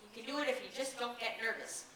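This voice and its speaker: A woman's voice: a little high, quick pace, a bit bright, a little hiss or hum, lightly acted. A woman on stage playing a glum, nervous young boy who talks in an anxious, self-pitying way. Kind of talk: stage musical acting. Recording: echoey stage from far off, with music.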